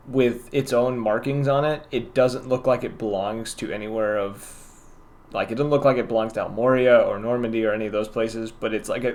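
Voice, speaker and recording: A man narrating a tabletop role-playing game as game master, describing the scene in halting, restarting sentences. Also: mid-range voice.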